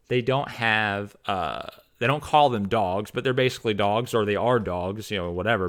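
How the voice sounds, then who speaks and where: A man's voice: lowish voice, fairly bright tone. A man, a fantasy author giving his opinions in a rambling, casual monologue full of restarts and fillers.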